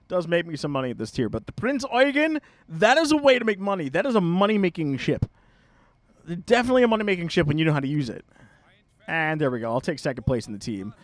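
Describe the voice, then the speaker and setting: A man from Long Island with a Long Island New York accent, hosting a live gameplay stream in casual commentary, chatty and quick to laugh and swear. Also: on the high side, very animated, no room sound. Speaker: game streamer host.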